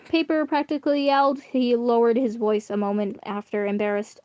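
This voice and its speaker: A woman's voice: a little high, fairly even intonation, normal speed, few pauses, warm tone, dry recording. A woman reading online fan fiction aloud in a casual, chatty way, often stumbling and correcting herself. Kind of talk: casual read-aloud with asides.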